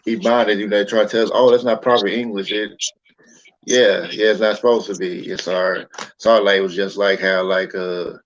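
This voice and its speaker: A man's voice: lowish voice, little pitch movement, normal speed. A man hosting a casual chat, talking loosely and often repeating words with "you know" fillers. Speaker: host. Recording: dull lo-fi audio with faint noise.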